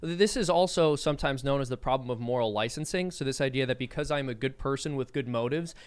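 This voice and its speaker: A man's voice: medium pitch, fast, smooth. A male co-host on a political talk show, explaining ideas in an articulate way during casual panel chat.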